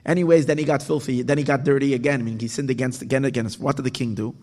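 A man reading and explaining a parable, halting often and restarting his words. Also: mid-range voice, fairly even intonation, darkish tone. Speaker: teacher. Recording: echoey hall with long reverb.

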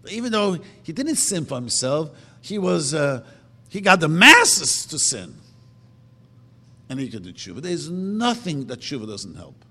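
Animated preacher man with lively pitch. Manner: emphatic, rhetorical questions, chanting verses slowly. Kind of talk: sermon. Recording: long reverb of a hall.

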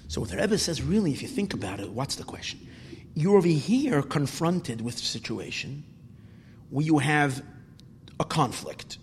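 A male religious teacher giving a sermon-style lecture, dramatic, swinging from loud exclamations to hushed whispers and repeating words. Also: on the high side, slightly rough. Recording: long hall reverb.

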